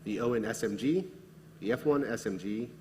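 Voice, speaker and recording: A man's voice: fairly low pitch, moderate pace, a little mellow. A man, a game developer, presenting new features on a convention panel in an upbeat way. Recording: echoey hall with faint background noise.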